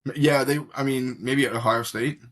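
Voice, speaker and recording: A man with a husky voice at mid pitch chats casually about football. He slips in dry, sarcastic remarks. His tone stays relaxed and conversational. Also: moderate pace. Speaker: co-host. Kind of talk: casual sports chat.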